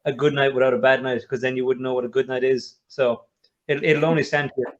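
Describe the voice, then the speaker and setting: A man co-hosting a podcast, offering a reflective remark in a quick way. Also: mid-range voice, level tone, lo-fi sound. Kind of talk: casual interview chat.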